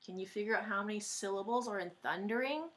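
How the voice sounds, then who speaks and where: A patient, encouraging woman teacher thinks aloud and slowly sounds out words in a recorded lesson for her class, her medium-pitched voice a bit bright.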